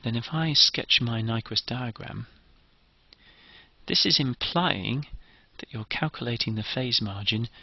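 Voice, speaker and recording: A man's voice: medium pitch, gravelly, sharp tone, husky, no echo, muffled recording. A man giving a methodical, step-by-step engineering lecture.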